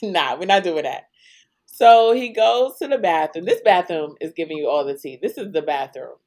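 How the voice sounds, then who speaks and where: Animated woman recapping a show. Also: lowish voice, normal speed. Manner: animated, laughs often, acts out quotes. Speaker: podcast co-host. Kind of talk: casual recap chat.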